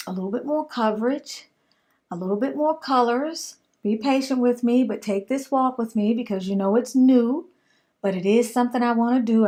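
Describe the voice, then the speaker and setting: A woman's voice: fairly high pitch, darkish tone. A woman chatting casually and affectionately to her viewers in a home vlog. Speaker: hair vlogger.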